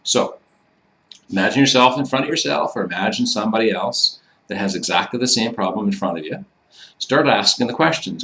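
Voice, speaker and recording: Low-voiced man teaching casually. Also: lively intonation, moderate pace, sharp tone. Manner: loose and profane, tags sentences with "eh". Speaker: instructor. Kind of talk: casual instructional talk.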